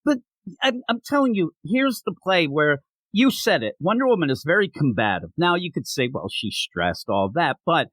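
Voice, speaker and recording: A man's voice: high voice, moderate pace, dry recording, poor audio. A man co-hosting a comic book podcast, chatting casually and joking with lots of laughter. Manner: animated, jokey, laughs often. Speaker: podcast co-host. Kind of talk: casual comic review chat.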